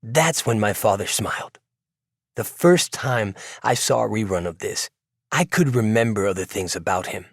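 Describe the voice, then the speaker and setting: A man narrating a novel in the first person, in a reflective, measured way. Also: on the low side, lively intonation, dry recording, studio quality. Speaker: audiobook narrator. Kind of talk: scripted narration.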